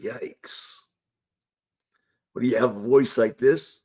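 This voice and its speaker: A man's voice: medium pitch, steady tone, slow, pauses often, darkish tone. A man hosting a casual live-stream panel show, laid-back and chuckling as he coaxes guests to join. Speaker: livestream show host.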